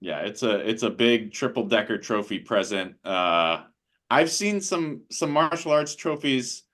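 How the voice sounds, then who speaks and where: A man's voice: mid-range voice, animated, a little slow, fairly bright tone. A man co-hosting a casual podcast chat, rambling with many fillers. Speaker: podcast co-host.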